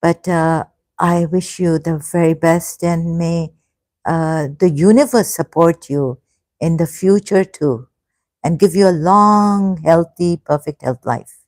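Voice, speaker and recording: A woman in her fifties hosting a casual livestream, halting and hesitant, full of restarts and effusive thanks. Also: lowish voice, a little mellow, dry recording. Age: 50s. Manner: emotional, effusively grateful. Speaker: livestream host. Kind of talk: casual livestream chat reading comments.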